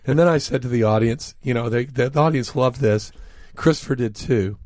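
A man recounts anecdotes as an interview guest. He is earnest, pauses on fillers, and slows right down on key words. His voice sits at a middling pitch and sounds close and dry in the studio. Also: darkish tone, dry recording. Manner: earnest anecdotal storytelling with frequent fillers, slowing down for emphasis. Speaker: author and guest. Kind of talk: storytelling in an interview.

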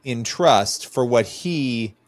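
A man interviewing a guest, asking gentle, affirming questions. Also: mid-range voice, expressive, takes it slowly, no room sound, clean studio sound.

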